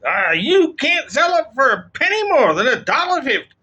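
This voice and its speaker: A man's voice: very high voice, sing-song, moderate pace, pushed and bright, voice pushed up, full character voice. A man voicing a domineering older male tycoon with a Texan accent, blunt and dismissive. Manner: bossy, dismissive.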